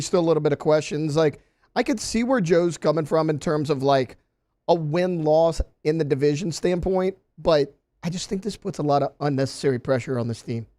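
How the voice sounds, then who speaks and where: A man co-hosting a sports radio show, laying out opinions in a steady, reasoned casual way in a studio. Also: a little high, no echo.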